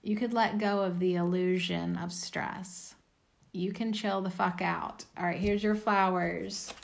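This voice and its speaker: Woman, tired, oracle card reading, slow delivery, gravelly tone, blunt, swears. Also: fairly low pitch, steady tone. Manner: blunt, swearing, self-mocking. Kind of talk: casual tarot-style card reading.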